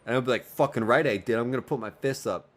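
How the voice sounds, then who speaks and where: A man's voice: medium pitch, fast talker. A man hosting a podcast, chatting casually and joking with lots of swearing and frequent laughter. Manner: profane, jokey, laughs often. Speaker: podcast host.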